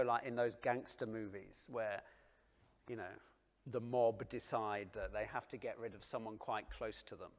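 A man with a gravelly, medium-pitched voice preaches a sermon earnestly and dramatically. He drops to hushed near-whispers, then rises to loud emphasis, asking his listeners direct questions.

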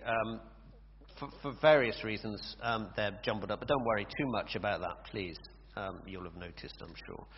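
A man's voice: medium pitch, a little hiss or hum. A man leading a church sermon, chatty and hesitant, with fillers and self-corrections. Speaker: preacher. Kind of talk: sermon with scripture reading. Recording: reverberant church, dull lo-fi sound.

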